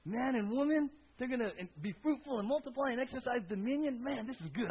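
A man's voice: very high-pitched, expressive, fairly quick, hardly any pauses, slightly rough. A man preaching a sermon in a conversational way, asking his listeners questions and tagging his points with "right?". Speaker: pastor. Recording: dull lo-fi sound.

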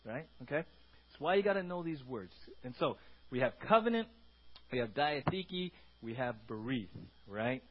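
A man preaching a sermon in a lively, conversational way, often checking in with the congregation. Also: mid-range voice, moderate pace, lo-fi sound. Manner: animated, conversational, repeats words and asks the congregation "right?". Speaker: pastor.

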